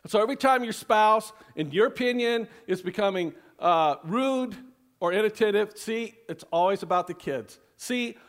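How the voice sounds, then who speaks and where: A middle-aged male pastor preaching a sermon, delivering sarcastic mock advice in an emphatic, animated way and often laughing. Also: sits high, moderate pace.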